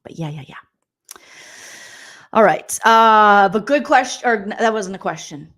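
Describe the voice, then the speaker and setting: A woman is hosting a live-stream recap of a reality show. Her voice sits at a middle pitch, and her delivery is sassy and jokey as she talks straight to her viewers. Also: expressive, measured pace, fairly bright tone. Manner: sassy, joking, acts out quoted people. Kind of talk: casual live-stream chat.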